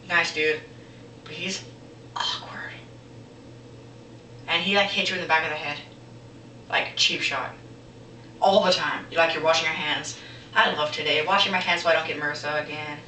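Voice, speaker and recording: A man's voice: a little high, slight background noise. A teenage boy doing a rambling, jokey stand-up monologue as a comedy vlogger. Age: teens. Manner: rambling, jokey, breaks into loud impressions. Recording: roomy echo, distant camera mic.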